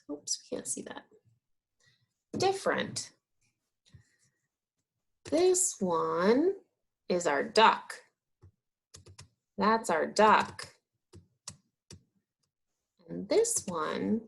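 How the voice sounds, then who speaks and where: A woman leads a lesson for small children, her pitch rising and falling in a sing-song way. She talks very slowly and stretches each word. She asks a question, waits, then gives the answer warmly. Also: creaky. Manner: asks questions and answers them, drawn-out and encouraging. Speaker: teacher. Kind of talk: slow, sing-song teaching of young children.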